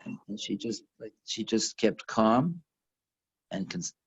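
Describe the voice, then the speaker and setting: Low husky guy telling a story on a zoom class, stumbles and repeats himself a lot. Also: sing-song, lo-fi sound. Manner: halting, repeats words, many fillers. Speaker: teacher. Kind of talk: storytelling lesson over video call. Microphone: video call.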